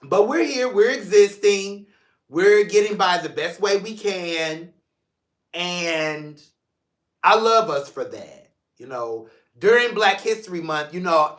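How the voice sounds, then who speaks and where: A high-voiced man hosting his own talk show, loose and joking, then turning earnest. His tone is bright and ringing. The room around him echoes. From St. Louis, Missouri. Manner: animated, joking, drifts between playful and emotional. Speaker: podcast host. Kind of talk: casual solo livestream talk.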